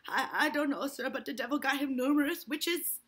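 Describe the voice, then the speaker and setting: A frightened woman accused of witchcraft begs for mercy in a broken dialect, as a woman reading a play puts her on. Her denials come in a high, bright voice. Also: fairly quick. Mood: pleading.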